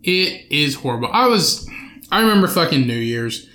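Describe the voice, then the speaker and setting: A man's voice: a little high, very animated, normal speed, bright, forceful tone, roomy sound. A young man hosting a solo podcast from his home studio, rambling, swearing and cutting himself off mid-sentence. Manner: profane, rambling, self-interrupting. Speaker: podcast host.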